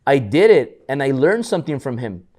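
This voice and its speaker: Man, podcast co-host, casual motivational chat, repeats words, mid pitch. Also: normal speed. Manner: repetitive restarts, animated storytelling.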